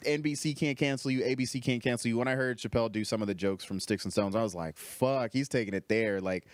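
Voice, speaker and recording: A young man appears as a comedian guest and tells a story in lively, casual conversation, cursing freely and raising his pitch whenever he quotes someone. The recording is fast and dry.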